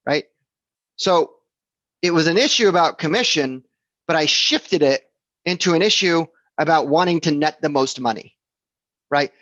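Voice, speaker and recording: A man's voice: a little high, fairly bright tone, no room sound, dull audio. A man teaching real estate sales in a casual instructional talk, conversational and repetitive, checking in with his listeners as he goes. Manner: conversational, repeats himself, checks in with "okay?" and "right?".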